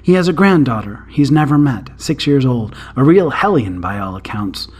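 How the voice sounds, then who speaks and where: A man narrating a short story aloud in a calm, even storytelling manner. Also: medium pitch, moderate pace, breathy edge.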